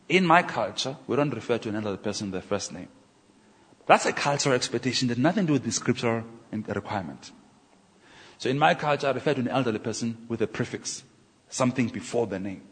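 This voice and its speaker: A man preaching a sermon as a minister, animated, building up to emphatic points. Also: mid-range voice, husky. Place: church hall. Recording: long hall reverb.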